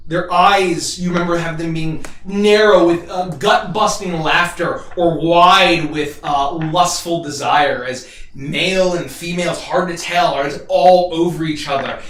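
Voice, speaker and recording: A man acting as game master, narrating a tabletop game in a vivid, halting descriptive way. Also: on the high side, steady tone, fairly bright tone, slight background noise. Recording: roomy echo, distant mic, faint music.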